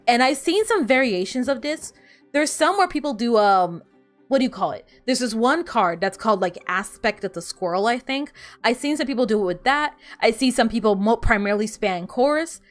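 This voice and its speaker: Animated, rambling woman streamer. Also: fairly high pitch, moderate pace, faint music behind. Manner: rambling, animated, laughs often. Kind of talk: casual gaming stream chat.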